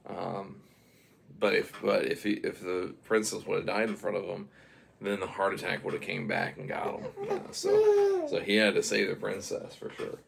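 A man's voice: low-pitched, wildly swooping pitch, moderate pace, gravelly, background noise. A man improvising a silly, rambling story for a baby, chuckling as he goes.

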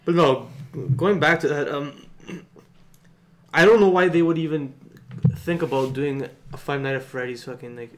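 A man's voice: fairly high pitch, moderate pace. A young man co-hosting a casual podcast, rambling and repeating himself. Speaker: podcast co-host. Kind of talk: casual chat.

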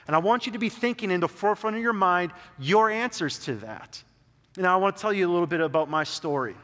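In a reverberant church sanctuary, a young pastor delivers his sermon fast, his high-pitched voice pushed and bright with lively intonation. He tells his story casually, saying "like" again and again.

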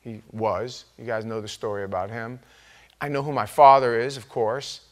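Animated male pastor preaching. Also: medium pitch, moderate pace. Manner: animated storytelling, acting out quoted voices with sudden loud outbursts. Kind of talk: sermon. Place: church sanctuary.

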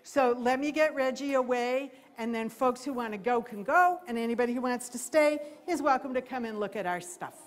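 A woman giving a live talk about birds of prey to a library audience, lively and playful, speaking into a handheld mic. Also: a little high, brisk, few pauses. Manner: lively, imitates owl hoots. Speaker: wildlife educator. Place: library program room.

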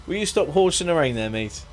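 A man chatting casually on a live game stream, joking, laughing and thanking viewers by name. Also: on the high side.

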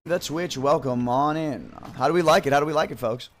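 A young man streaming a game, frustrated and ranting, with lots of swearing, dropping from low mutters to loud yells. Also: a little fast.

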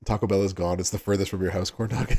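A man's voice: low voice, dark tone, breathy edge. A man with a Southern US accent hosting a livestream, chatting casually with viewers and laughing often. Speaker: livestream host.

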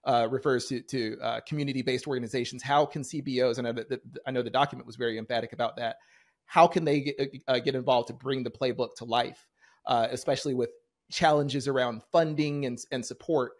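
An interview host with a medium-pitched, steady voice asks questions, including ones read aloud from the audience, halting often with lots of "uh" sounds.

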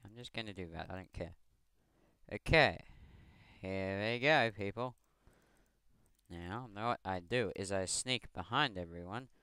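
A man's voice: low voice, normal speed, sharp tone, dry recording, clean studio sound. A teenage man from Scotland with a Scottish accent, giving rambling, self-mocking game commentary over a headset mic, swearing often. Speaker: gamer. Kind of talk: gameplay commentary.

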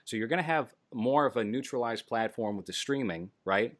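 A man's voice: medium pitch, fairly quick, no echo. A man in casual podcast chat, explaining at length with many fillers. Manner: rambling, filler-heavy explaining. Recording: dry close audio.

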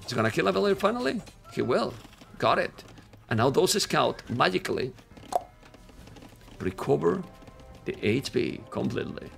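Man, esports caster, raised pitch, very lively intonation, faint music behind. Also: moderate pace, creaky, long pauses. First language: Spanish. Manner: excitable, animated casting voice, non-native grammar. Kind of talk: live game commentary.

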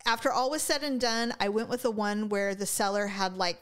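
A woman's voice: medium pitch, fairly even intonation, brisk, fairly bright tone, smooth. A middle-aged woman co-hosting a podcast, telling a story in casual chat and acting out both sides of a conversation. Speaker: podcast co-host.

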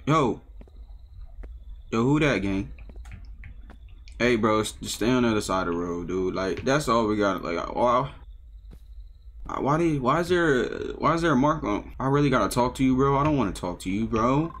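A man's voice: mid-range voice, lively intonation, normal speed, pauses often, fairly bright tone, a little hiss or hum. A young adult man streaming a horror game, reacting with profane slang and jumpy outbursts. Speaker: gaming streamer. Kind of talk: live horror game commentary.

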